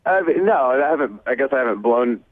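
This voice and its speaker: A man's voice: mid-range voice, expressive, fast. A man on a phone call, hesitant and sheepish, stammering as he explains himself. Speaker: caller. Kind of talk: phone conversation. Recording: tinny phone line.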